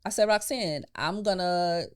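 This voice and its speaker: A young adult woman hosting a podcast in a studio, chatting in an animated, emotional way. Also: on the low side, unhurried, clear, resonant tone. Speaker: podcast host. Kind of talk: casual heartfelt chat.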